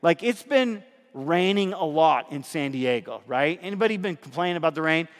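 A man's voice: fairly high pitch, expressive, moderate pace, in a large hall. A middle-aged man, a pastor preaching a sermon in a conversational way, asking the congregation questions.

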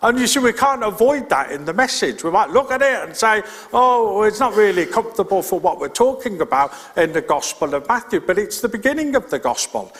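High-voiced man preaching in a reverberant hall. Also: very animated, fairly quick, hardly any pauses, fairly bright tone. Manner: earnest, plain-spoken, repeats key points. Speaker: pastor. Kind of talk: sermon. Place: church.

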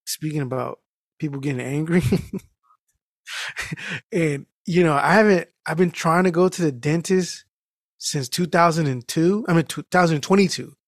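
A casual podcast host with a voice pitched a little high, recorded close and dry. He rambles through his stories, swears freely and restarts his sentences. He works "dude" into nearly every thought. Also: moderate pace, pauses often, no echo. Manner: loose and profane, peppers talk with "dude"; animated storytelling with many restarts. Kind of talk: casual chat, rambling anecdote.

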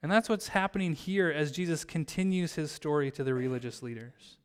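A man's voice: a little high, fairly quick, clear, resonant tone. A man preaching a sermon as pastor, telling a story and acting out its characters' lines in his own voice. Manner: storytelling, acts out the characters' lines with lively shifts.

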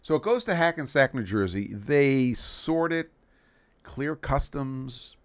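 A man's voice: medium pitch, animated, takes it slowly, dry recording. A man from New York City hosting a live stream in casual chat, rambling and joking with frequent restarts. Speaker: livestream host.

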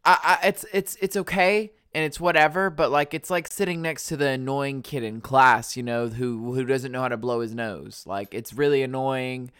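A man's voice: mid-range voice, fairly even intonation, moderate pace, hardly any pauses, a bit bright, smooth, dry recording, studio quality. A man with a stuffy nose hosting his podcast alone, rambling in casual chat full of fillers. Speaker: podcast host.

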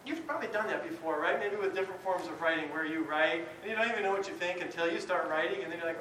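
A man's voice: sits high, quick pace, hardly any pauses, sharp tone. A man who teaches Bible, giving an informal talk to a class in a candid, chatty way with frequent chuckles and restarts. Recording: roomy, distant mic, faint background noise.

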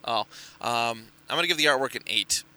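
A podcast co-host who reviews comics recaps a story in casual chat, rambling with lots of fillers and restarts. His mid-range voice is brisk and sharp-toned.

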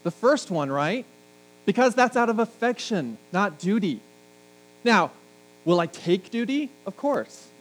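A man's voice: high voice, sing-song, a little slow, long pauses, low-quality recording. A middle-aged man preaching a sermon, talking to the congregation conversationally and tossing in jokes. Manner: conversational, joking asides to the congregation. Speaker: pastor. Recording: faint mains hum.

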